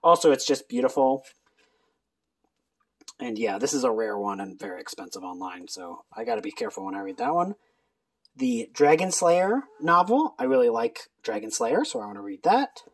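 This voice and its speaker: Casual book chat, animated, lots of asides, very lively pitch. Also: creaky, slightly rough. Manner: chatty and animated, with frequent fillers and asides. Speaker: book video creator. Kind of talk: casual chat about a reading list.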